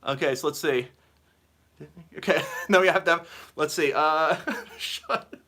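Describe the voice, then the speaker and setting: Giggly guitar teacher man, bright voice. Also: on the high side, a little slow. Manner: giggly, rambling, reads chat aloud. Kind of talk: live-stream guitar lesson with chat.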